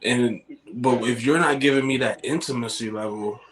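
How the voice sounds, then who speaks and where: A man's voice: medium pitch, normal speed, crowd noise, low-quality recording. A tipsy man chatting casually, loose and profane. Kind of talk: casual chat.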